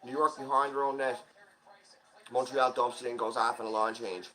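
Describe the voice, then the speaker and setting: A man hosting a casual live watch-along of a hockey game, calling the plays in quick excited bursts and chatting like a rooting fan. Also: medium pitch, rough recording. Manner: chatty asides, admits small slips. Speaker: channel host, fan commentator.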